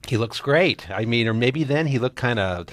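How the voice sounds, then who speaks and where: A man's voice: mid-range voice, expressive, normal speed, dry recording, studio quality. A man co-hosting a movie talk show, chatting enthusiastically and laughing at his own jokes. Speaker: co-host.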